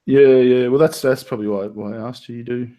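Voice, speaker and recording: A man's voice: mid-range voice, steady tone, fast, warm tone. An Australian man hosting a casual live-stream chat, swearing freely and stumbling through restarts. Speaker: podcast host.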